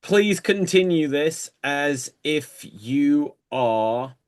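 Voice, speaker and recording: Slow easygoing male improv host. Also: fairly high pitch, animated. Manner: slow, easygoing, calls games. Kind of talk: hosting an online improv show.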